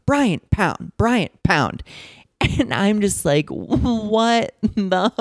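A man hosting a podcast, telling a story in a casual, chatty way, full of "like" and sudden jumps in pitch. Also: no echo, clean studio sound. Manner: chatty, filler-heavy, animated pitch jumps. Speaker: podcast host.

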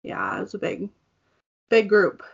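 A woman's voice: mid-range voice, very animated, takes it slowly, gravelly, slightly rough. A young woman co-hosting a casual chat, chatty and emphatic. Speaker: podcast co-host. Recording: dull, lo-fi sound.

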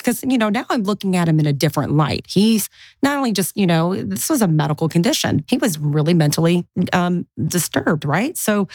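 A woman in her forties, a guest in an interview, chatting and telling animated stories from her life. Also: lowish voice, fairly quick, no echo. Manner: chatty, animated, mimics family voices in anecdotes. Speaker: guest, real estate investor. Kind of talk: casual interview storytelling.

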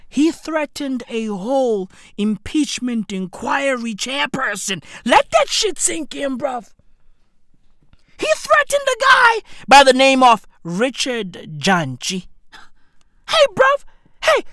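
Excitable high-pitched woman doing reaction commentary. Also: dry recording, studio quality. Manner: excitable, swearing, repeating phrases for effect. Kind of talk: profane comedic reaction commentary.

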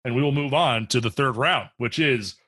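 A man's voice: mid-range voice, moderate pace, a bit bright, breathy edge. A man hosting a casual beer podcast, playful and teasing as he runs the segments. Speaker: podcast host.

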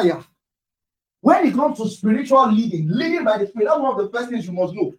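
A man preaching a sermon emphatically, repeating key phrases and at times raising his voice to a shout. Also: very high-pitched. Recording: echoey room, distant mic.

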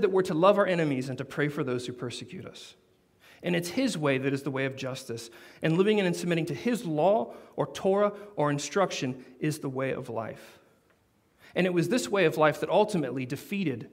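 A man preaching a sermon, telling a story with animated, building emphasis. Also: a little high, brisk. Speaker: pastor.

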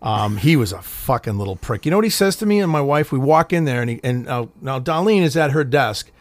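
A man hosting a casual podcast, rambling through a long anecdote with plenty of swearing. His pitch moves a lot from line to line, and the recording is dry, with no room sound. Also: animated, a little fast, no echo. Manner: rambling, profane anecdote telling. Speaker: podcast host. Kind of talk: casual chat.

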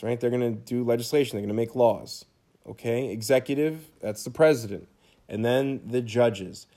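A middle-aged man with a mid-range, dark-toned voice gives a recorded history lecture over slides from a room at home, with cats nearby. His style is casual and conversational, and he keeps checking in with "okay?" and "right?"

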